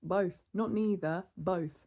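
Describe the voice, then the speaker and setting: Exasperated woman, 30s, from the UK, gravelly, mellow timbre; vlog rant. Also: lowish voice, takes it slowly. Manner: exasperated, animated storytelling with laughs and sighs. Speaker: vlogger. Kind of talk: casual venting monologue.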